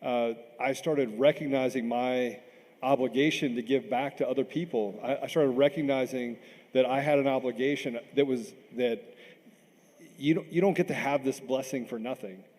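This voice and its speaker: A man's voice: medium pitch, normal speed, darkish tone. A middle-aged man from Washington, D.C. speaking as a panel guest, earnest and impassioned, often repeating words as he gets stirred up. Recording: long reverb in a big hall.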